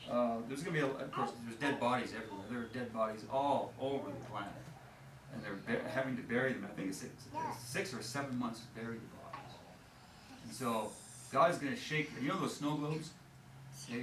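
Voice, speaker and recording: A man's voice: mid-range voice, fairly bright tone. Preaching man in an echoey church. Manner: conversational preaching, many fillers and restarts, checks in with "okay?"; reads scripture in a slower, raised voice. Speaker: pastor. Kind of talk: sermon. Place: church sanctuary. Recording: echoey church sanctuary, mic at a distance, noisy.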